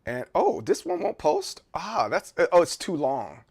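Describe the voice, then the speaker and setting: A man's voice: fairly high pitch, huge pitch swings, measured pace, gravelly, darkish tone, slightly rough. A man streaming live in casual chat, rambling and joking, often repeating words. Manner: joking, playful.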